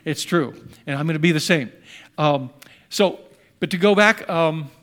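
An older man who is a pastor, preaching a sermon in an earnest storytelling manner that shifts between hushed and emphatic. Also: a little high, a little slow.

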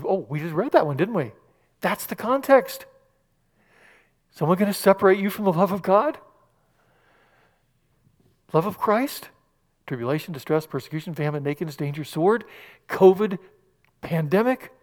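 Animated preacher man in a reverberant hall. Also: high voice, a little slow, pauses often. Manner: animated, swinging from hushed to loud. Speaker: pastor. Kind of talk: sermon.

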